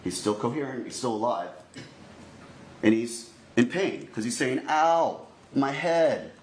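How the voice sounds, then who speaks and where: A male prosecutor delivering a deliberate opening statement to a jury, repeatedly addressing the jurors directly. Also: mid-range voice, lively intonation. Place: courtroom. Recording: echoey courtroom recording, faint noise.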